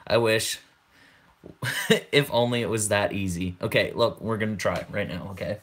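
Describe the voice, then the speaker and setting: A man's voice: lowish voice, normal speed, pauses often, a bit bright. A man in his twenties hosting a casual livestream, who rambles, repeats words and laughs often. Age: 20s. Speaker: channel host.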